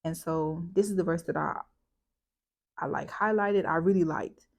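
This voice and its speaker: Woman vlogger, low-ish voice, casual scripture chat, reflective and loose. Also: steady tone, normal speed, creaky. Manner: chatty and reflective, with many fillers. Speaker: bible study vlogger.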